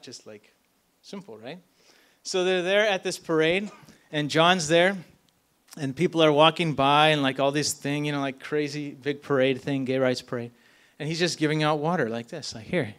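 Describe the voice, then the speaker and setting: A man with a slightly high, somewhat bright voice preaches casually at a church event. His storytelling sermon is full of fillers like "like" and "right?" as he keeps checking in with the crowd.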